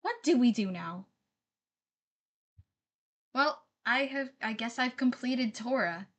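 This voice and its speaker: A woman streamer talking to her live chat in a loose, casual way. Her voice sits a bit high for a woman, and she keeps apologizing and reading viewers' messages out loud. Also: lively intonation, takes it slowly. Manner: chatty, apologetic, reads chat aloud.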